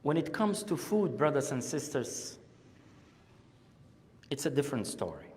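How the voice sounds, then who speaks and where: A man giving an impassioned Friday sermon as a guest speaker at a mosque, swinging between loud urging and hushed pauses. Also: mid-range voice, big pitch swings. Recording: long hall reverb.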